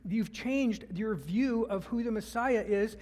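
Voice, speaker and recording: High-voiced preaching man in a reverberant hall. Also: unhurried, darkish tone. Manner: conversational, asks the congregation questions. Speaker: pastor. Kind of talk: sermon.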